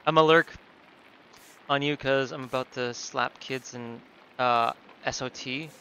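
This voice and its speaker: A man's voice: medium pitch, measured pace, slight background noise. A man streaming a story game, commenting casually with jokes and profanity. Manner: joking, profane, animated.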